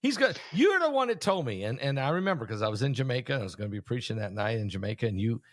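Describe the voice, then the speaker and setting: A man hosting a casual conversation, chatty and curious, pausing often to find his words. His voice sits at an ordinary middle pitch, and the sound is dry and close. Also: sing-song, no room sound. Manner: chatty, questioning, halting with fillers. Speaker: host, preacher.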